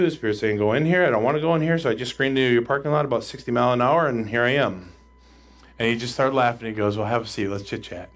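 A man, a pastor, preaching a sermon and telling a personal story, swinging between loud excitement and hushed asides. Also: mid-range voice.

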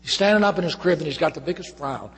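A middle-aged man preaching a sermon as a pastor, swinging between loud emphasis and soft hushed moments. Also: a little high, expressive, fast talker, slightly rough. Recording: reverberant church hall.

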